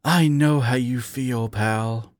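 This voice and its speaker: A man's voice: medium pitch, slow pace, no room sound, clean studio sound, close to an everyday voice. A man doing a weary grumbling raccoon. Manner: muttering, gruff, dejected.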